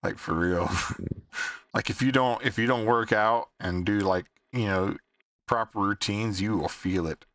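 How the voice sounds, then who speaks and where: A man's voice: on the low side, unhurried, a bit bright. A man hosting a livestream in casual chat, teasing and laughing often. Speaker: livestream host.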